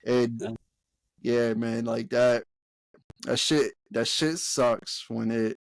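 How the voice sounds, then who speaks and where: A young man co-hosting a podcast, talking in a relaxed, slangy way with lots of fillers and swearing. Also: mid-range voice, slow, creaky, dry recording. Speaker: podcast co-host. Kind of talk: casual chat.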